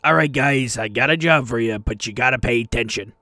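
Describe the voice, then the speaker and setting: A man doing a gruff tavern keeper. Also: mid-range voice, fairly quick, no echo, studio quality. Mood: pushy. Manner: pushy, loud, beckoning. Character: gruff male tavern keeper handing out jobs.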